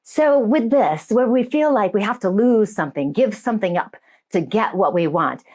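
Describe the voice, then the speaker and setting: A middle-aged woman, a medium and life coach, hosting a casual spiritual talk show, chatting warmly with viewers and laughing easily. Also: medium pitch, animated, moderate pace. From United States.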